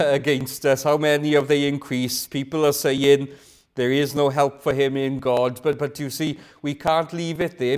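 A man's voice: fairly high pitch, a little mellow. A man preaching a sermon. He asks rhetorical questions, repeats phrases for emphasis and sometimes drops to a whisper.

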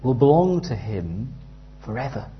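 A man in his thirties preaching a sermon earnestly, dropping to a hush and rising loud as he tells stories. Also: medium pitch, very animated, unhurried. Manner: earnest, with big swings from hushed to loud in anecdotes. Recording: slightly dull, lo-fi sound.

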